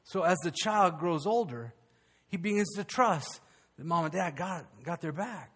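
An older man preaching a sermon as pastor, swinging from loud, animated outbursts to hushed, quiet passages. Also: high-pitched, measured pace, breathy edge.

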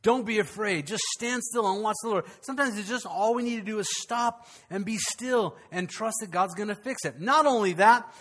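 Bright-voiced man preaching a lively sermon. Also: high-pitched. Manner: conversational preaching with humor and dramatic pauses. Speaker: pastor. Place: church sanctuary before a congregation.

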